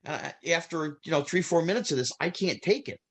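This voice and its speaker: A man, a former child actor telling lively stories as an interview guest. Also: a little high, brisk. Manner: animated, acts out quoted people, restarts. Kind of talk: storytelling interview answers.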